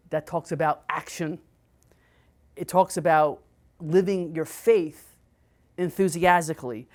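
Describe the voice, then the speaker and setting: Woman, 50s, Catholic sister hosting a podcast; low-ish voice, casual storytelling delivery, informal restarts. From United States. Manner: storytelling, conversational, with restarts and animated quoting. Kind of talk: casual spoken reflection.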